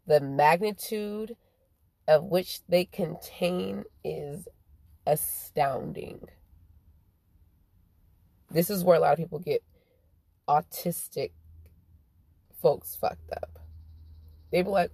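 Profane, rambling woman with a low voice. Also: gravelly, dark tone, no echo. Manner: swears constantly, swings from drawn-out slow phrases to rapid bursts. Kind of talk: profane stream-of-consciousness monologue.

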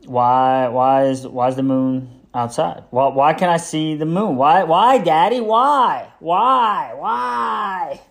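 A man's voice: a little high, slow, vocal fry, hardly any pauses. A man voicing his insistent, curious two-year-old son who keeps asking why. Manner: repeating questions.

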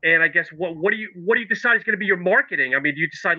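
A man's voice: sits high, very fast, few pauses, dry recording. A man hosting a podcast, firing off chatty questions to his guest. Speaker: podcast host. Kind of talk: casual interview hosting. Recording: tinny phone-like line.

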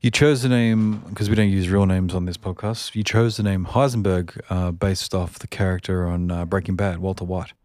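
A man's voice: low-pitched, steady tone, normal speed, few pauses, darkish tone, no echo, studio quality. A middle-aged man hosting a podcast in casual interview chat, rambling and restarting his questions. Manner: rambling, repeats words when starting questions. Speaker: podcast host.

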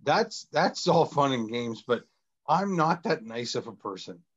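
A man co-hosting a podcast, teasing his co-host in casual banter and talking fast in bursts. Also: mid-range voice, expressive, husky. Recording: dull lo-fi sound.

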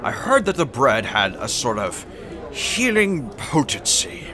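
A man's voice: very animated, unhurried, a crowd in the background. A man playing Odysseus Claw, a courtly half-dragon. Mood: earnest. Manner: grandly formal, swoops between high and low. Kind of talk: improvised role-play.

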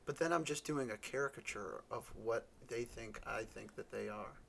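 A young man co-hosting a casual comedy podcast, stubborn and defensive, quick to swear at his friends. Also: mid-range voice, vocal fry, fairly bright tone, slight background noise. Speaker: podcast co-host.

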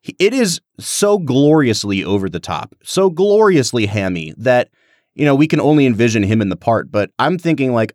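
A man in casual podcast talk about a movie, animated and rambling in long thoughts. His voice sits at a middle pitch. The sound is close and dry, with no room around it. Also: normal speed, no echo. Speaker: podcast co-host. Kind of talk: casual film discussion.

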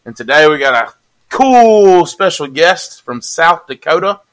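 Bright-voiced man hosting a podcast. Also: on the high side, big pitch swings, unhurried. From Mississippi. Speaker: podcast host. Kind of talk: casual podcast chat.

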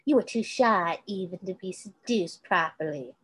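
A woman voicing a cruel, mocking villainess with syrupy, drawn-out endearments in an amateur fan-fiction reading. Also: fairly low pitch, expressive, fairly bright tone, breathy edge, rough recording. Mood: mocking sweet. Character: menacing sweet-talking villainess, cruel and mocking.

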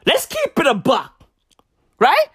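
A man voicing an older male pastor at a funeral, speaking bluntly in a booming preacher's delivery. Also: huge pitch swings, slow pace, fairly bright tone, no room sound, clean studio sound, full character voice. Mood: blunt preaching.

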